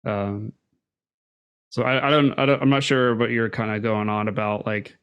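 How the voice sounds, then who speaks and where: A man co-hosting a casual film podcast, giving a measured opinion while thinking it through aloud. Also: on the low side, level tone, smooth, lo-fi sound. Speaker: podcast co-host. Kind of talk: casual chat.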